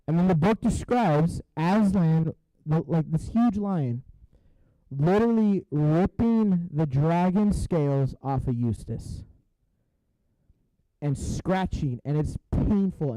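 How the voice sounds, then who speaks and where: A young man giving a youth sermon, telling a story with jokes and then dropping to a hushed, serious tone. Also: a little high, measured pace, no room sound, poor audio. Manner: animated and joking, drops to a hushed tone for serious parts. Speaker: youth pastor.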